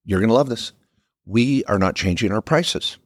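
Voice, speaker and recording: Animated man pitching on a podcast. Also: moderate pace, no echo, clean studio sound. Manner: animated, emphatic sales pitch with frequent restarts. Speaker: podcast co-host, business lawyer. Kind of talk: casual podcast chat.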